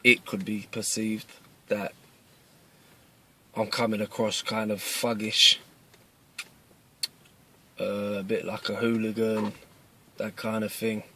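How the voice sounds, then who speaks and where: Low-voiced East London man. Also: little pitch movement, takes it slowly, long pauses, pushed and bright. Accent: East London Cockney. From East London, England. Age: 30s. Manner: earnest, plain-spoken, repeats himself with restarts. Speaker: self-defence video maker. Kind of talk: casual talk to camera. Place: inside a parked car.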